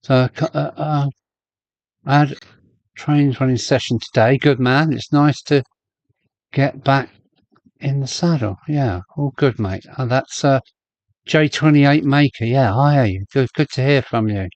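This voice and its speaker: A man's voice: medium pitch, a little slow, a little mellow, dry recording, dull audio. A man hosting a live stream from his loft, chatting casually and greeting viewers by name as he goes. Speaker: host of a model railway live stream. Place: home loft with a model railway layout.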